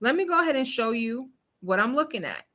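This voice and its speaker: A woman's voice: fairly high pitch, big pitch swings, brisk, pushed and bright. A woman hosting a casual news commentary show, talking emphatically and checking in with "okay?" after her points. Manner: emphatic, rhetorical questions, frequent "okay?" check-ins. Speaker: show host.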